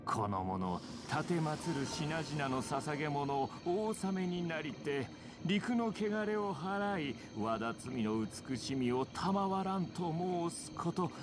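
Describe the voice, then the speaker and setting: A man voicing a solemn priest in a game, intoning an archaic prayer to the gods of the sea in a measured, ceremonial cadence. The chant rises over clear game music. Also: on the high side, expressive, lightly acted.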